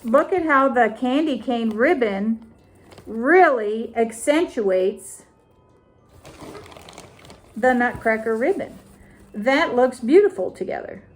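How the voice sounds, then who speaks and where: Slow, high-voiced woman explaining crafts. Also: lively intonation, faint music behind. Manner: slow, deliberate, repeats phrases while showing items. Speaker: crafting vlogger. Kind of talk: casual craft tutorial.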